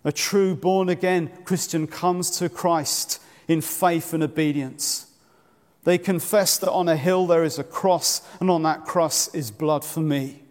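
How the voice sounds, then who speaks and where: A man preaching a sermon in earnest, measured tones, asking the congregation direct questions. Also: a little high, steady tone. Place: church. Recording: long church reverb.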